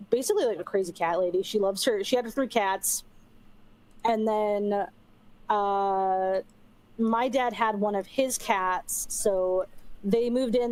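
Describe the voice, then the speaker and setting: Young woman streamer, casual rambling chat, offhand swearing, mid-pitched voice. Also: a little mellow, poor audio. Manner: rambling, chatty, swears casually, frequent fillers. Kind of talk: casual chat while gaming.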